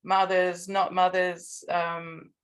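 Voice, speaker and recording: An Australian woman co-hosting a podcast in casual chat, halting and restarting her sentences often. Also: lowish voice, flat delivery, clear, resonant tone. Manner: halting, many restarts and fillers. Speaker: podcast co-host.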